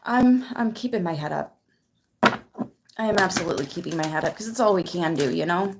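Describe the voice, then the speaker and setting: Emotional lady on a livestream, lowish voice, fighting back tears, greeting viewers. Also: a little fast, vocal fry, heavy background noise. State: near tears. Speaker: tarot reader and channel host. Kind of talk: casual livestream chat.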